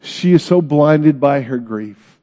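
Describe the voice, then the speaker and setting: Earnest preacher with a warm voice. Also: male voice, a little high, lively intonation, slow pace. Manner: earnest, dramatic swings between loud and hushed. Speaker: pastor. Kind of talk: sermon.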